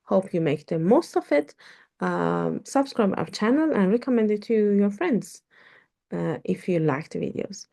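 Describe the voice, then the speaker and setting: A woman teaching a lesson in English, slow and hesitant, with many fillers as she explains. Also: mid-range voice, animated, gravelly, mellow. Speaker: Turkish teacher. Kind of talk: online language lesson.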